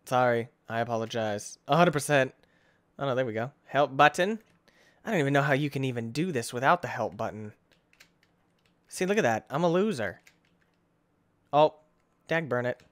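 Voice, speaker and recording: A young man giving excitable playthrough commentary, breaking into sudden high yelps and self-mocking groans. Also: moderate pace, long pauses. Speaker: gaming channel host.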